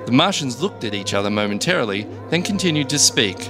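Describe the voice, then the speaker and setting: Man telling a deadpan comic tale. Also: medium pitch, quick pace. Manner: dry, deadpan storytelling with occasional laughs. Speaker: storyteller. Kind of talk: comic first-person story reading. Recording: background music.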